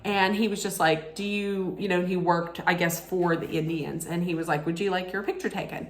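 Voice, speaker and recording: A woman vlogger telling a casual story, animated and excitable, laughing often. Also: on the low side, normal speed, roomy sound.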